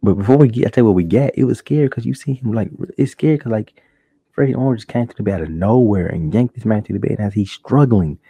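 A man's voice: fast talker, creaky, slightly rough, no room sound. A man hosting a casual solo podcast, telling stories animatedly and acting out shocked reactions. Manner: animated storytelling, acts out shocked reactions in high voice. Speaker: podcast host. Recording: dull lo-fi dry home recording.

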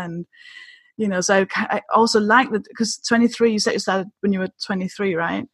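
Husky-voiced woman host, laughing easily. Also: medium pitch, steady tone, a little fast, no room sound. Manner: self-deprecating, laughs often. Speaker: podcast host, comedian. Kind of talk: casual interview chat.

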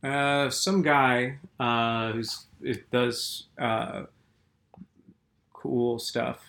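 A man co-hosting a podcast talks extremely slowly in a gravelly, fairly bright mid-range voice with fairly even intonation. Groggy after a nap, he rambles through casual stories, often stopping to restart his sentences.

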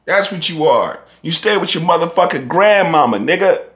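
A man's voice: on the high side, expressive, normal speed, fairly bright tone. A young man, a rapper delivering a heated, profane ranting monologue full of rhetorical questions. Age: young adult.

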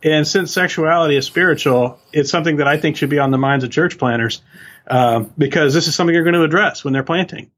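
A male author answering interview questions in an earnest, even way, laying out his ideas step by step. His voice sits a little higher than most men's. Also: fast. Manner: earnest, steady explaining. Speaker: author and guest.

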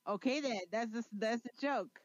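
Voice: medium pitch, moderate pace, no echo. A teasing co-host trades jabs and jokes in a casual podcast chat, laughing often between lines. The recording is dry and a little dull.

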